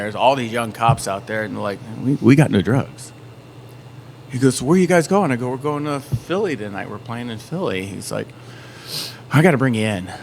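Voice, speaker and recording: A man telling a story in a casual chat, acting out shouted quotes as he goes. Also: medium pitch. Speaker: band member. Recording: faint background noise.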